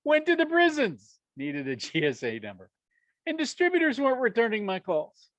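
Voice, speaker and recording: A man telling a business story to an audience, animated and acting out the dialogue, chuckling often. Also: very high-pitched, moderate pace, dry recording, highs cut off. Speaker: speaker sharing a business story.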